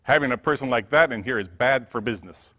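A man voicing an impatient, angry cafeteria manager who talks loudly and brusquely. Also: medium pitch, quick pace. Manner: brusque, loud. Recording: church hall reverb.

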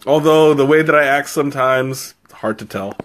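A man's voice: mid-range voice, moderate pace, a little hiss or hum. A man tasting tea on a live stream in casual, rambling chat. He giggles often, mocks himself and has a runny nose from spicy tea. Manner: giggly, rambling and self-mocking.

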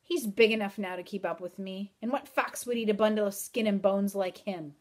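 A woman's voice: brisk, lightly acted. A woman voicing an indignant, stubborn young girl. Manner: emphatic, complaining, louder and higher than the narration. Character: stubborn, indignant peasant girl, quick to anger. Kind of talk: audiobook reading.

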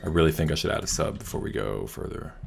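A man's voice: rumbling low, animated, fast, vocal fry. A young man producing music, talking in casual, joking, cocky and profane banter at a desk mic. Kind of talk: casual screen-recorded production vlog. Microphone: desk mic near loud keyboard. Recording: loud music playing over the voice.

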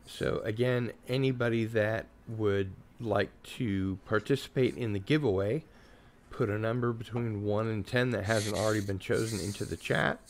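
A man's voice: on the low side, fairly even intonation, normal speed, slight background noise. A man hosting a casual watch party stream, running a giveaway in an easygoing way.

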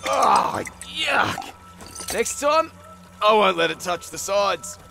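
An actor playing a brash, foul-mouthed soldier who throws swaggering taunts in video game combat voice lines. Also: male voice, high voice, very animated, slow pace, creaky, soft background music, full character voice. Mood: cocky. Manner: taunting, swaggering trash talk. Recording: loud gunfire behind the voice.

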